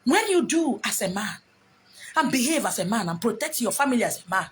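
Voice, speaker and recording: A woman's voice: on the high side, big pitch swings, a little fast, slightly rough. A middle-aged Nigerian woman talking to camera, bluntly scolding her viewers with bits of pidgin mixed in. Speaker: vlogger. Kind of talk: talking to camera, advice rant.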